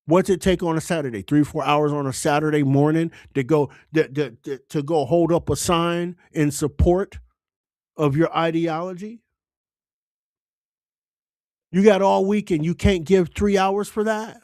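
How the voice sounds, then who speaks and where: A man's voice: fairly high pitch, fairly even intonation, normal speed, darkish tone, dry recording, clean studio sound. A man giving an impassioned political monologue as a commentator, exhorting listeners with fervent, urgent appeals.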